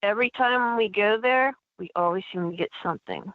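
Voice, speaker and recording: A woman calling in as a paranormal investigator guest on a radio show, talking chattily with many halting restarts. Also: mid-range voice, no room sound. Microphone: telephone. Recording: tinny phone line.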